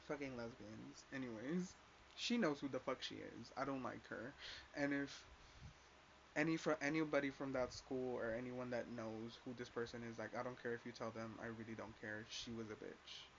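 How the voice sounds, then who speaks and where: A man's voice: medium pitch, normal speed, vocal fry, fairly bright tone. A young man telling a story in a casual rant, swearing often, emphatic and full of "like". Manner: profane, emphatic, uses "like" a lot. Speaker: vlogger. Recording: slightly dull lo-fi sound with faint hiss.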